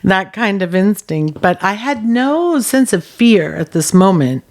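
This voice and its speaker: Animated woman telling a personal story. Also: medium pitch, unhurried. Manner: animated storyteller, acts out quotes, laughs often.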